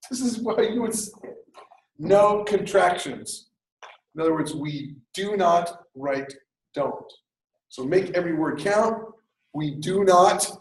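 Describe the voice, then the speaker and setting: A man with a slightly higher voice lectures on academic writing to a class, talking in a lively, conversational way and throwing in jokey asides. The sound is roomy, with the echo of a classroom around him. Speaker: writing instructor.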